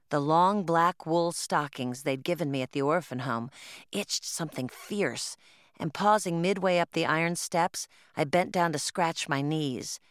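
A woman's voice: low voice, fairly bright tone, dry recording, clean studio sound. A woman narrating an audiobook in first person, telling a plain story in the voice of a twelve-year-old girl.

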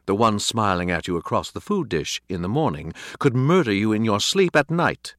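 A man voicing a theatrical, paranoid male house cat in a storybook reading, smooth one moment and hysterical the next. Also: fairly low pitch, sing-song, moderate pace, a bit bright, dry recording, studio quality. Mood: dramatic.

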